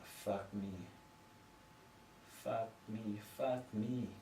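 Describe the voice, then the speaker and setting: Man, very dark voice, casual solo podcast, frustrated, rambling, phone mic. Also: lowish voice, fairly even intonation, drawn-out words, vocal fry, slight background noise, poor audio. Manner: frustrated, swearing, rambling with restarts. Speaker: podcast host. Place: small room, indoors.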